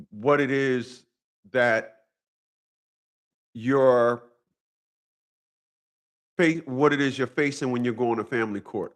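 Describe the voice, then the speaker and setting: A man's voice: medium pitch, fairly bright tone. A man talking straight to his viewers in a casual monologue, profane and repetitive, with a preachy storytelling manner. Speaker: vlogger.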